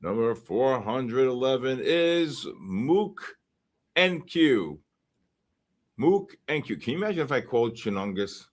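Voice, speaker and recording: A man hosting a live stream, calling out giveaway numbers and names in a casual, drawn-out way with quick asides. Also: medium pitch, very animated. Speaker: livestream host calling giveaway winners.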